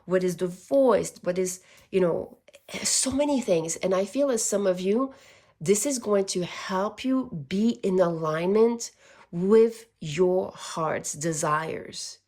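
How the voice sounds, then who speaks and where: A woman's voice: medium pitch, slow, darkish tone. A woman giving a casual spiritual tarot reading, earnest and easily moved, laughing at times. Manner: earnest, gets emotional, laughs. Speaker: tarot reader.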